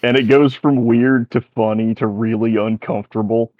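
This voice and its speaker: A man narrating as game master in a slow, descriptive storytelling manner. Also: mid-range voice, steady tone, dry recording. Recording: dry, dull sound.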